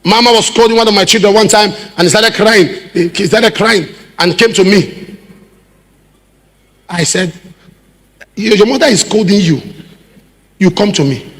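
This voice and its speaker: A man with a Nigerian accent preaching a sermon emphatically, with repeated rhetorical questions and bursts of shouting. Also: sits high, unhurried, pauses often. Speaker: pastor. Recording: reverberant hall with loud music behind.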